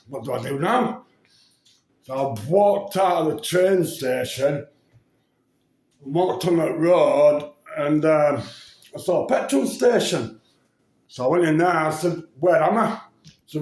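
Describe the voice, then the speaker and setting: A man spins a loose, meandering story, pausing on ums and dropping swear words as he goes. His voice sits a little high for a man and he takes his time. The sound bounces around an echoey room. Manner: rambling, full of ums and swearing, laughs at his own stories. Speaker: vlogger. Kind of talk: casual anecdote storytelling.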